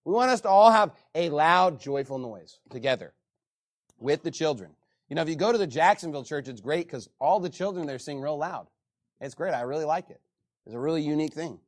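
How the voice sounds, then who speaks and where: A man preaching a sermon as pastor, animated, often reading scripture aloud to the congregation. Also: fairly high pitch, a little fast.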